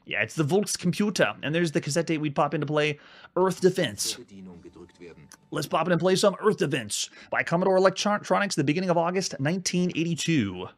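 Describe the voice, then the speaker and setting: A man's voice: a little high, expressive, brisk. A man hosting a retro video game show, chatting casually while he plays and rates each game, often restarting his words as he goes. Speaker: host reviewing retro games. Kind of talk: casual gameplay commentary.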